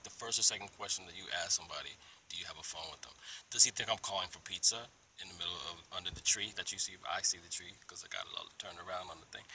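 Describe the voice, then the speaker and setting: A man telling a story to a phone camera in a park, animated and dropping into whispered asides. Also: low voice, a little hiss or hum, low-quality recording. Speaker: vlogger. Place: outdoors in a park under a tree. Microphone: phone held at arm's length.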